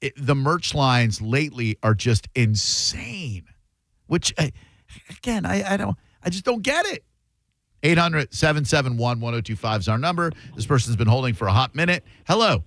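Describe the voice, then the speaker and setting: A man's voice: medium pitch, big pitch swings, moderate pace, a bit bright, no room sound. A man hosting a radio show, chatting casually with callers in a sarcastic, playfully mock-indignant way. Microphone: studio microphone.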